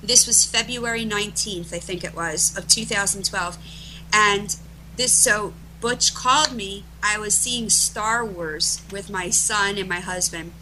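A middle-aged woman, a guest being interviewed, telling stories emphatically and restarting her phrases as she rushes ahead. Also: medium pitch, noisy background. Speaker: interview guest, event organizer. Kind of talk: animated storytelling in conversation.

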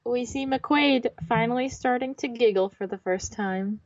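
A woman's voice: a little high, unhurried, no echo, lo-fi sound. A woman co-hosting a casual podcast, chiming in with short agreements and jokes. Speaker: podcast co-host. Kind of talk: casual chat.

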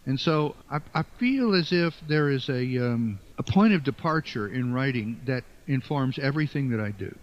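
Halting man musing in muffled lo-fi sound. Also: medium pitch, lively intonation. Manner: halting, repeats words while searching for phrasing. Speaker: interview guest, writer and musician. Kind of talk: reflective conversational interview.

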